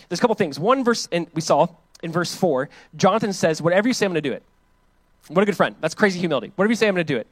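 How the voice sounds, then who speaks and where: A man preaching a sermon as pastor, casual and animated, acting out the voices of the people in the passage. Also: high-pitched, dry recording. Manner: animated, acts out quoted voices; casual preaching with many fillers.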